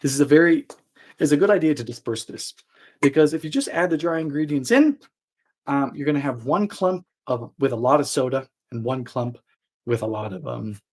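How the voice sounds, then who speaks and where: A man hosting a live baking stream, chatting playfully with viewers, trailing off and restarting, with sudden high squeals. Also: brisk, darkish tone, rough recording. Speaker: baking show host.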